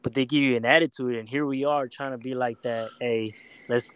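A man's voice: medium pitch, steady tone, quick pace, fairly bright tone, clear, resonant tone. A man, a military recruiter, speaking in a laid-back, agreeable way in casual chat.

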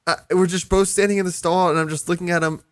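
A man on a podcast tells a story in a casual, animated way and acts out each person's lines. His voice sits a little high for a man. The sound is dry and close, with no room echo. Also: fast talker. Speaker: podcast host.

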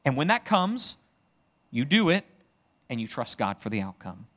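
Animated man preaching a sermon. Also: medium pitch, moderate pace. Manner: conversational, self-deprecating asides, animated emphasis. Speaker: pastor.

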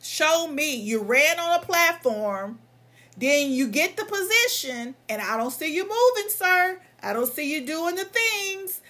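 High bright voice, young woman, heated profane rant, strained from coughing. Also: animated, measured pace. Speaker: lawyer and vlogger. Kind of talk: angry ranting monologue.

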